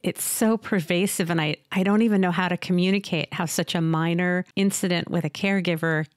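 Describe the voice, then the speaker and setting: A woman's voice: lowish voice, fairly even intonation, a little fast, dry recording, studio quality. A woman hosting a podcast conversation, speaking in an earnest, thoughtful way with long flowing explanations. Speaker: podcast host, social worker.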